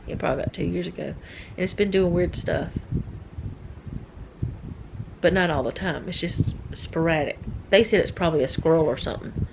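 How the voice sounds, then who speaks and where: A woman's voice: lowish voice, fast, creaky, noisy background. A middle-aged woman chatting casually as a vlogger, rambling and easily sidetracked. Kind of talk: casual chat.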